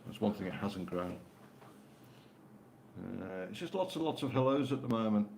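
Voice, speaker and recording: Older man, low pitch, deadpan co-host, echoey home setup. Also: moderate pace. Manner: dry, teasing banter. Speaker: co-host of live stream. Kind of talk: casual live stream chat. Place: home in Spain. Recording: roomy with faint noise.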